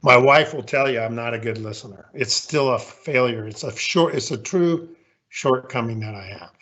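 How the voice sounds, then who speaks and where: A man's voice: mid-range voice, normal speed, a bit bright, lo-fi sound. A man in his sixties giving a candid, folksy, self-deprecating leadership talk with slides as a guest speaker.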